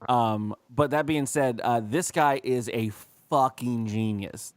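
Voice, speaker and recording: A man's voice: medium pitch, slow pace, dry recording. Chatty man with a dry close sound. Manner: rambling, swears freely, acts out bits. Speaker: podcast co-host. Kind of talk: casual comedic chat.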